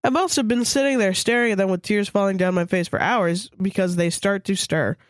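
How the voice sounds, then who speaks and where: Woman podcast co-host, casual story reader, mid pitch, dry recording. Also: brisk, dry recording. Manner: casual, crude asides mid-reading. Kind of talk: reading a story aloud with jokes.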